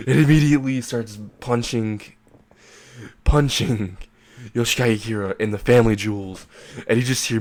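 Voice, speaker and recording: A man's voice: fairly low pitch, fairly even intonation, moderate pace. A young man casually narrating a fan-made anime crossover story, rambling and crude, laughing at his own jokes.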